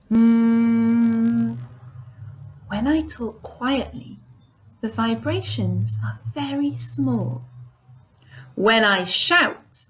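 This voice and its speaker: Very slow, patient woman teacher. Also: mid-range voice. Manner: demonstrates sounds, bilingual repetition. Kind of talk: slow, clear lesson for young children.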